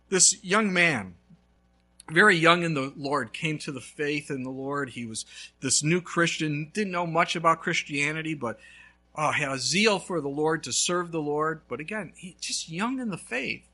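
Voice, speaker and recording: A male pastor preaching a sermon, telling a story with lively swings between loud and hushed. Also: a little high.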